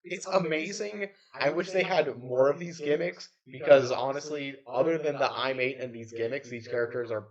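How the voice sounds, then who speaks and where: A man's voice: medium pitch, moderate pace, few pauses, crowd noise. A man co-hosting a podcast, chatting casually about a movie with dry, wry quips. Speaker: podcast co-host. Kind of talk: casual movie recap chat. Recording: slightly dull lo-fi mic.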